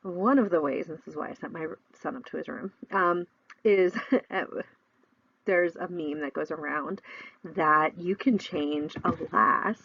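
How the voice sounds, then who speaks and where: A woman's voice: deep voice, unhurried, creaky, a bit bright, breathy edge, no echo, highs cut off. A middle-aged woman teaching a recorded lesson, explaining in a chatty way with lots of fillers.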